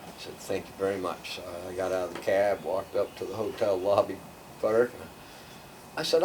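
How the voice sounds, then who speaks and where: A man's voice: low-pitched, moderate pace. An older man telling rambling, casual stories, acting out the other people's voices and dropping to a near whisper for asides. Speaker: storyteller guest. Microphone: far from the mic. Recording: distant mic, audible background noise.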